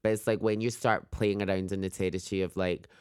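A man co-hosting a casual podcast, chatty and quick to laugh, leaning on "like" as a filler. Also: sits low, little pitch movement, smooth. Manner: chatty, laughs often, trails off with "like". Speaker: podcast co-host. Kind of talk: casual chat.

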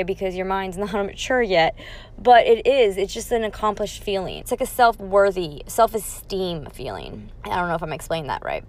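A woman in her thirties talks straight to her listeners in a loose, chatty monologue. Her voice sits at an ordinary middle pitch. She drops a casual swear word now and then. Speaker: manifestation talk host.

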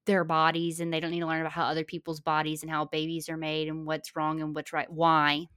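A woman's voice: deep voice, monotone, brisk, a bit bright. Chatty woman podcast co-host. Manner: chatty, laughs easily. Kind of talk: casual podcast chat.

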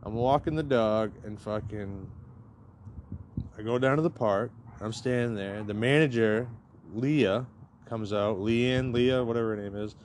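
A man's voice: on the low side, measured pace, darkish tone, slight background noise. A man telling a personal story in a casual, rambling way, swearing freely and filling his talk with "like.". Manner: profane, rambling, heavy use of "like". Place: campground in New Mexico.

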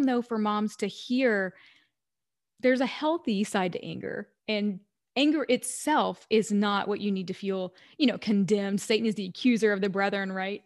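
A woman hosting a faith-based parenting podcast, who listens and responds thoughtfully. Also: medium pitch. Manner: affirming, reflective listener. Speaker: podcast host. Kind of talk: podcast interview.

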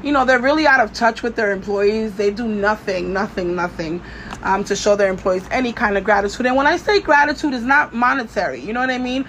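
A woman's voice: on the high side, fairly quick, a bit bright, a little hiss or hum. Blunt, profane woman podcaster venting. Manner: blunt, profane, lots of "you know". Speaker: podcast host. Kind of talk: casual venting monologue.

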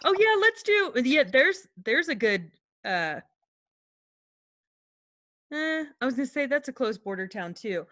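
Lively giggly woman co-host. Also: high-pitched, measured pace, pauses often, no room sound. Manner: giggly, laughs often, rambling. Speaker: podcast co-host. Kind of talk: casual comedic chat.

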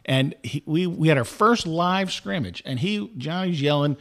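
A man co-hosting a podcast, a former coach telling halting stories in casual chat. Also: on the high side, animated. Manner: halting, repeats words, loud quoted shouts.

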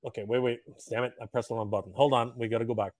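A man's voice: medium pitch, little pitch movement, rapid-fire, darkish tone, dry recording, clean studio sound. A man co-hosting a casual toy livestream, running giveaway spins, laughing often and swearing casually.

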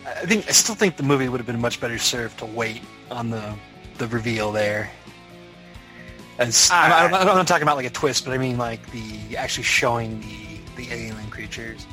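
A man co-hosting a casual podcast chat, giving measured opinions with hedges and "you know" fillers. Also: medium pitch, pushed and bright, soft background music. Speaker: podcast co-host.

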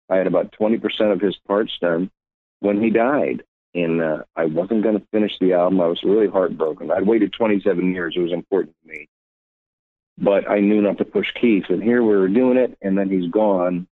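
Low-voiced man on a tinny phone line. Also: dry recording. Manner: rambling anecdotal, acts out quotes. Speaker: musician guest. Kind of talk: interview storytelling.

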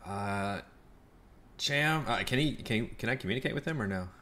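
A man's voice: medium pitch, lively intonation, moderate pace, sharp tone. A man playing a tabletop game, chatting casually and swearing in laughing asides. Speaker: player.

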